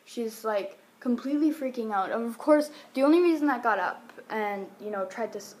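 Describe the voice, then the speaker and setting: A woman's voice: on the high side, expressive, brisk. A young woman telling a casual storytime vlog at home into a phone, rambling along with lots of "like" and "um". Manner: rambling, full of fillers like "like" and "um", laughs now and then. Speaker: vlogger. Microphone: phone or webcam.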